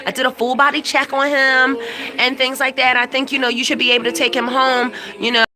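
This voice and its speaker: An older woman playing a calm female vet worker in a breezy, reassuring way. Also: high voice, brisk, close to an everyday voice.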